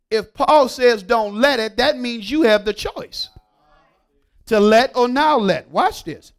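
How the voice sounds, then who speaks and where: A man preaching a sermon and reading scripture, moving from hushed asides to emphatic declarations and calling on the congregation. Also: high voice, expressive, measured pace. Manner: call-and-response preaching, swings from hushed to emphatic.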